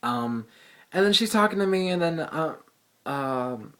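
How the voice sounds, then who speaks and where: Speaking unhurriedly in a slightly high voice, a teenage boy, a high school student who vlogs, delivers a casual rant. He retells the story in a lively way, sounding exasperated and using profanity.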